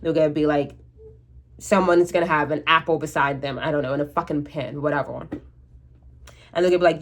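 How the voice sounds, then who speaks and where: A woman's voice: low-pitched, steady tone, fairly quick. A woman in her twenties talking to camera in a rambling, anxious casual monologue, with frank swearing and many restarts. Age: 20s. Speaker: vlogger.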